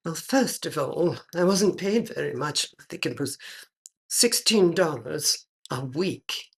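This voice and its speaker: A dry, clipped old English grande dame's spirit, tartly unimpressed by her interviewer. Her voice sits a little low and speaks in a plain, even way with an English accent. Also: takes it slowly, gravelly, exaggerated voice. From England. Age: older.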